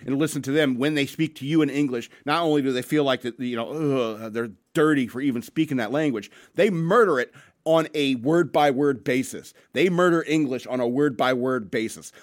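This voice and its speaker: A man hosting a show, ranting bluntly with crude language and reading news stories, a bit tipsy after some beers. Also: medium pitch. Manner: blunt, crude, rambling with restarts. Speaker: podcast host.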